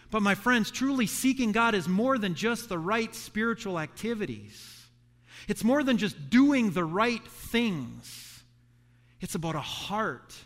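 A man preaching a sermon as a pastor, animated and voicing the characters in the story. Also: high-pitched. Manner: animated preaching, acts out the sons' voices. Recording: echoey hall reverb.

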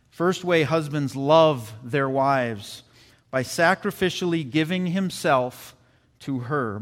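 A man delivering a Sunday sermon with earnest conviction, returning to his points and calling out to the men in the pews. His voice sits a bit high for a man. It rings through a church with long reverb. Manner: earnest preaching with repeated phrases and audience asides. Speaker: pastor. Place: church sanctuary.

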